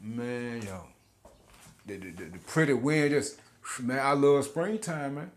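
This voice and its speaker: A man's voice: mid-range voice, slow pace. Laughing, slangy man preaching scripture. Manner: casual slangy preaching, laughs often, repeats words. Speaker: street preacher. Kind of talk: informal scripture teaching.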